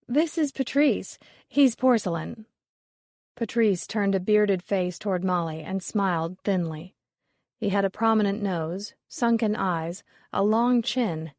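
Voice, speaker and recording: This is scripted narration of a mystery novel by a woman audiobook narrator. Her reading voice is medium-pitched, steady and measured, and the studio sound is clean with no audible room.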